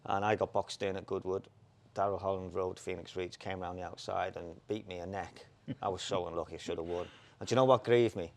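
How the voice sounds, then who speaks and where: Deep, gravelly ex-jockey storyteller. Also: male voice, a little fast. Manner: animated anecdotes, laughs, quotes people in put-on voices. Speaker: former jockey, co-host. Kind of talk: casual storytelling chat.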